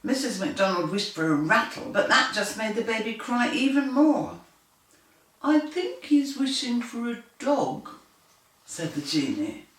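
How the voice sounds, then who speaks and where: A woman's voice: medium pitch, recorded from a distance. A woman reading her picture book aloud to children, with playful sound effects and character voices. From United Kingdom. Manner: slow, animated, doing lively animal and machine noises. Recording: echoey room, voice from off the mic.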